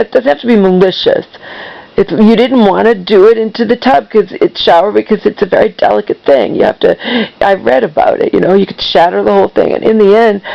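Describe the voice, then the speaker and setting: A woman vents on her vlog in a heated monologue, swearing and circling back to the same complaints. Her voice has a gravelly, fried edge. The recording sounds dull and lo-fi. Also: medium pitch, a little fast. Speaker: vlogger. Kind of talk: angry venting monologue.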